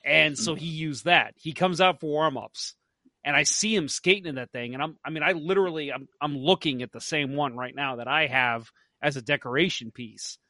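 A man co-hosting a casual podcast, telling a story with lively acted-out quotes. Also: on the high side, moderate pace, no room sound, studio quality. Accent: St. Louis. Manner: animated, acts out his own quotes. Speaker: podcast co-host.

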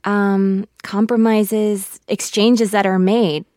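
A woman actor in her thirties being interviewed on radio, thoughtful and halting with soft laughs, close to tears. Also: mid-range voice, little pitch movement, no room sound. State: emotional, near tears.

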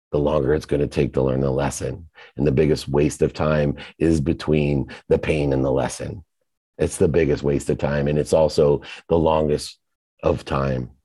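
Deep, mellow-voiced man giving motivational talk. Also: no echo. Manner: emphatic, rhythmic lists with sudden swells in pitch. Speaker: motivational speaker. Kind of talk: motivational monologue.

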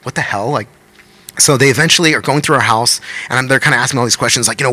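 A man in his thirties tells a story at a rapid clip, throwing in curses and acting out what people said. His voice is bright and forceful at an ordinary middle pitch. It sounds like a loose, casual podcast chat. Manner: animated, profane, acts out quotes. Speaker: podcast guest, touring musician.

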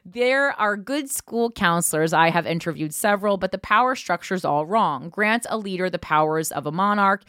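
Blunt, low-voiced woman podcast host. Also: expressive, moderate pace, hardly any pauses, fairly bright tone, dry recording, studio quality. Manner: blunt, profane asides between read passages. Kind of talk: reading a news article aloud with commentary.

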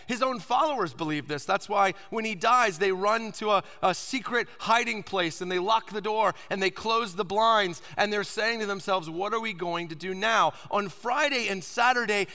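High, bright-voiced preacher in a hall. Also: male voice, a little slow, hardly any pauses. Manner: dynamic preaching, swings from loud to whispered. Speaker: pastor. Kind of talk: sermon.

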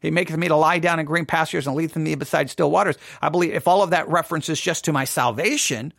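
High-voiced preaching man, close and dry. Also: fast talker, creaky, a bit bright, dry recording. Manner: earnest, repeats and restarts phrases, rises when quoting cries. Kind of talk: impassioned sermon-style commentary.

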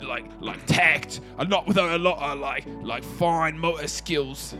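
A man's voice: on the high side, a little slow, music in the background. A man playing a tabletop role-playing game, teasing and mock-wounded as his character, with bursts of laughter. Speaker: player voicing a character. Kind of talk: improvised tabletop role-play.

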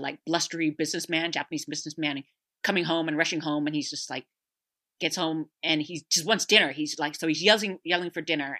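A woman talks in a loose, rambling way, full of "like" and "um" and quick laughs. Her voice is bright and forward, a little lower in pitch than most women's. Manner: rambling, animated, laughs often, many fillers. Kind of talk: casual chat, movie recommendation.

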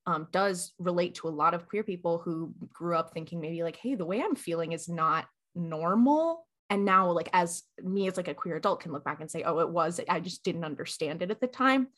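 A woman co-hosting a podcast in casual chat, animated and acting out quoted lines. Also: on the low side, brisk, few pauses.

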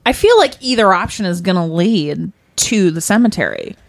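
A woman's voice: lowish voice, animated, normal speed, gravelly. Woman co-host cracking blunt jokes. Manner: blunt, joking reactions with swearing. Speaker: podcast co-host. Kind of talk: casual chat.

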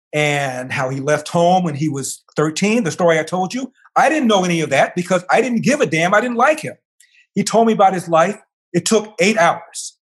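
An older man, the guest in an interview, tells a long personal story with lively energy. He acts out what the people in it say, and his voice sits a little higher than most men's. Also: slightly rough.

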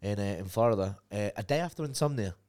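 A young man from England, co-hosting a podcast in casual, joking banter with some swearing. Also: fast talker. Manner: swearing, joking banter with lively pitch swings. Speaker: podcast co-host. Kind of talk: casual chat.

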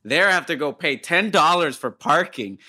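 A male podcast co-host states his food verdicts emphatically and firmly. His voice is bright, with animated pitch that rises and falls a lot. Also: moderate pace. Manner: emphatic, opinionated. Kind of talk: casual food review chat.

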